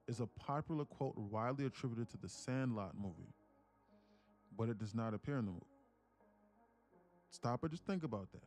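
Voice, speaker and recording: A man's voice: medium pitch, lively intonation, moderate pace, pauses often, darkish tone, faint music behind. A man hosting a casual live stream, talking reflectively and directly to his viewers. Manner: reflective, talks straight to his chat. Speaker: live-streaming day trader host.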